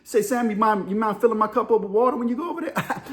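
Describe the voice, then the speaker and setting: Animated storytelling man, high voice. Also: fast. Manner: animated, acts out voices and sound effects, laughs often. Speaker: storyteller and channel host. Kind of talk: casual storytelling monologue.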